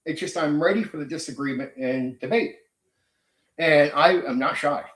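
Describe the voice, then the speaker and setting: Male host, confrontational and foul-mouthed monologue, slightly high pitch. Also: moderate pace, fairly bright tone, echoey room. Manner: blunt, profane, combative. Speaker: channel host. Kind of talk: casual monologue rant.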